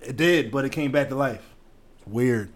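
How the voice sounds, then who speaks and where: A man in casual chat, telling stories loudly and animatedly, laughing often. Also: mid-range voice, normal speed. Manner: loud, animated storytelling with frequent laughter and profanity.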